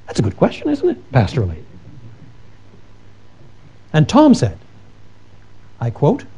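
A man's voice: on the high side, wildly swooping pitch, measured pace, mellow, husky. A man giving an earnest theology lecture, telling stories with emphatic repetition and frequent restarts. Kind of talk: lecture with told anecdotes.

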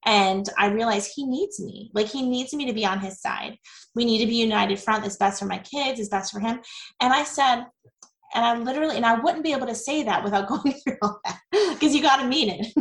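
Gravelly woman, chatty and candid. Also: a little high, fairly quick, echoey room, poor audio. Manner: candid and chatty, with frequent fillers and laughs. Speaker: guest. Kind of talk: casual interview.

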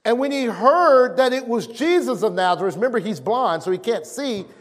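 A man preaching a sermon, reading scripture aloud and acting out the voices with emphatic, drawn-out delivery. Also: very high voice, expressive. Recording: long hall reverb.

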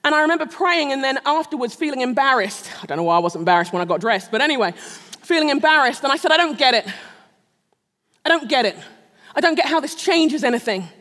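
A woman's voice: sits high, lively intonation, fast, a bit bright. A middle-aged woman preaching a sermon, telling a personal story with self-mocking humor and frequent laughter. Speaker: speaker at a Christian gathering. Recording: long reverb of a large hall.

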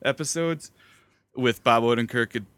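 Bright-voiced man with a Wisconsin accent. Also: medium pitch, moderate pace, clean tone, no echo. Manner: laughs often, rambling with restarts. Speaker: podcast host. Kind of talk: casual chat.

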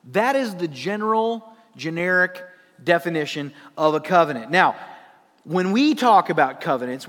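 A high-pitched male pastor preaching a sermon. He teaches with emphasis and keeps posing rhetorical questions. His voice rings with a long hall reverb. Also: fairly bright tone.

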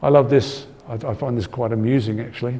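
A man's voice: medium pitch, steady tone, fairly quick, mellow. A man teaching a conversational Bible-study sermon. He talks earnestly, asks his listeners for agreement and repeats words as he thinks. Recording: long hall reverb.

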